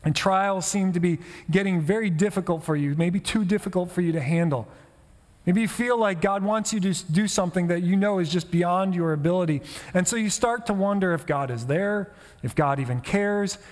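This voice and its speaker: A man preaching a sermon in a relaxed, conversational way, often turning to the listeners with rhetorical questions. His voice sits a little higher than most men's, and a long reverb trails each phrase, as in a large hall. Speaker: pastor.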